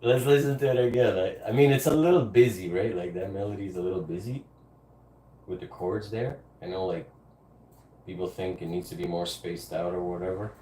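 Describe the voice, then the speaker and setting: A man's voice: sits low, steady tone, a little fast, warm tone, distant mic. A man chatting casually to his viewers during a music livestream, laid-back and chuckling. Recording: roomy, off-mic, music behind. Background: faint music.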